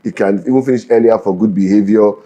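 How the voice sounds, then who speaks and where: Guest commentator, man, low and mellow, dry and skeptical. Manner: halting start, then sarcastic and firm. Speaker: guest analyst. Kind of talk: morning show news commentary.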